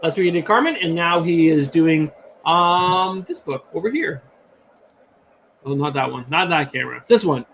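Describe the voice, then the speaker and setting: A man's voice: high-pitched, fairly bright tone, a little hiss or hum. A man co-hosting a casual live stream, talking in an easygoing, rambling way. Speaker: co-host.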